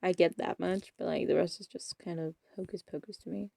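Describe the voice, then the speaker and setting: This eighteen-year-old vlogger talks a little fast in a fairly low, husky, dark voice with vocal fry and a steady tone. With no room sound around her, she rambles through casual chat while gaming, putting herself down and frequently drifting into mumbles.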